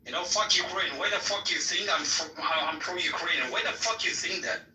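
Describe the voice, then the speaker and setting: High bright man, blunt broken English. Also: normal speed, slight background noise. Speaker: chat room participant. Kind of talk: crude casual group chat. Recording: echoey audio from far off mic.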